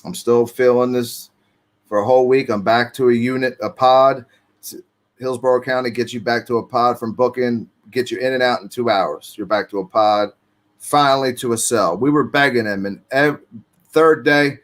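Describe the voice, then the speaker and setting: A man's voice: medium pitch, fairly even intonation, normal speed, fairly bright tone. A man telling his own story in casual street slang, swearing freely and acting out what people said. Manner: street slang, profane, acts out quotes.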